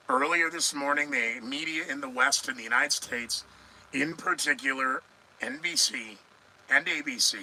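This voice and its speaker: A man's voice: mid-range voice, normal speed, bright, forceful tone, slight background noise, low-quality recording. A middle-aged man hosting a live news commentary podcast, sarcastic and rambling, talking back to his viewers as he goes. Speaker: podcast host.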